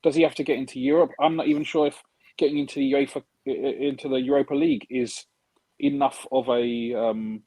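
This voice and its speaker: Husky-voiced hesitant male panelist. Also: medium pitch, steady tone, quick pace, mellow, no room sound, poor audio. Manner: hesitant, restarts and hedges while reasoning. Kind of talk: casual panel chat.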